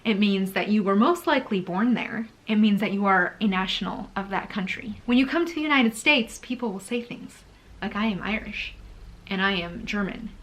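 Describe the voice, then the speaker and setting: A young woman from Brazil talking to camera in a casual sit-down vlog, chatty and animated, breaking into laughs between points. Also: mid-range voice, a little fast, dull audio. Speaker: YouTuber.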